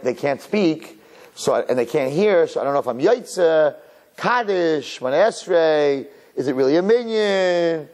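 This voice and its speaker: A man, a rabbi giving a storytelling sermon, who swings from soft, hushed asides to high, loud bursts when he acts out his own thoughts. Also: slightly rough. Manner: conversational, repeats words, uses Yiddish and Hebrew terms. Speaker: rabbi giving a weekly Torah talk.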